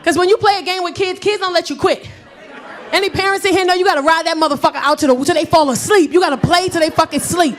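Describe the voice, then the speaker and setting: Brash high-voiced woman doing stand-up. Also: fast. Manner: brash, profane, acts out loud shouting bits. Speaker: stand-up comedian. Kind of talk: stand-up comedy set. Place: comedy club stage before a laughing audience. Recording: live club recording with loud crowd laughter. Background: crowd laughing and cheering.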